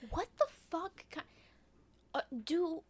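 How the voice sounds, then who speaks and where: A woman co-hosting a podcast, reacting to a film recap with quick jokey remarks and questions. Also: extremely high pitch, lively intonation, a little mellow. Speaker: podcast co-host listening and reacting. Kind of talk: casual chat.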